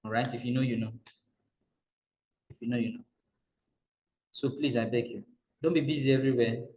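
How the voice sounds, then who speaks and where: A man's voice: medium pitch, steady tone, normal speed, a little mellow, slight background noise. Emphatic Nigerian man coaching, roomy echo. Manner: emphatic, repeats key lines, exhorts listeners directly. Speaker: business coach. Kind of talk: motivational coaching session. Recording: roomy echo, dull lo-fi sound.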